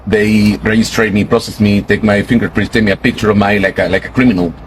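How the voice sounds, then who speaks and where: A man's voice: lowish voice, steady tone, fast talker, a little hiss or hum, low-quality recording. A man from Mexico earnestly recounting an ordeal to camera, searching for words. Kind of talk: testimony to camera.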